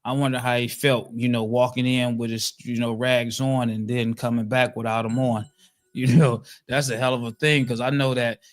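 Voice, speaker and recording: A man's voice: mid-range voice, level tone, normal speed. A man co-hosting a casual podcast, teasing his partner and piling up fillers as he talks. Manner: teasing, filler-heavy, keeps saying "you know". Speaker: podcast co-host.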